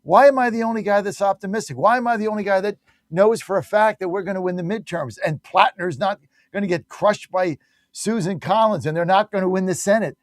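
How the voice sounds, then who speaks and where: A man's voice: high-pitched, brisk, no room sound, studio quality. A man hosting a talk radio show, delivering an emphatic, combative opinion monologue full of rhetorical questions.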